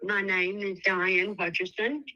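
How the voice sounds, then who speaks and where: A woman from Tennessee with a Tennessee accent, calling in to a show and speaking softly and hesitantly. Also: medium pitch, steady tone, measured pace, muffled recording. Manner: soft-spoken, hesitant. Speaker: caller. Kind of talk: phone call to a show.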